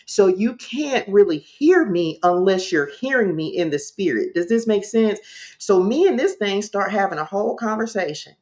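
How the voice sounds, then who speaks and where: Woman spiritual coach on a livestream, lively storytelling to her viewers, kinda dull lo-fi sound. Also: mid-range voice, moderate pace. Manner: animated storytelling, addresses viewers directly.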